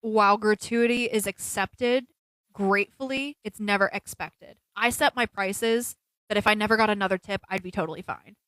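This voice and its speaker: A woman co-hosting a casual podcast, telling stories in an animated way and quoting people as she goes. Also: medium pitch, moderate pace, no echo. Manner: animated storytelling, quotes people in put-on voices. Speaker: podcast co-host. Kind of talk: casual chat on a livestreamed podcast.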